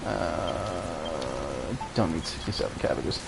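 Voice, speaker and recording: A man's voice: a bass voice, animated, slow pace, creaky, very noisy. Casual, swearing man streaming a game. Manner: chatty, swears freely. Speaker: streamer playing a video game. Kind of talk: casual let's-play commentary.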